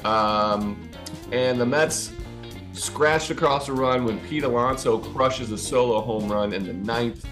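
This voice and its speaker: A man's voice: medium pitch, takes it slowly, fairly bright tone, faint music behind. A man co-hosting a casual sports podcast, recapping a baseball game with stats and fillers. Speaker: podcast co-host.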